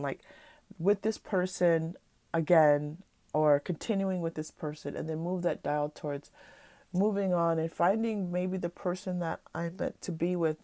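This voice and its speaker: A woman with a stuffy, nasal voice from a cold, giving a gentle, reassuring pick-a-card tarot reading. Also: lowish voice, dry recording. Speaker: tarot reader.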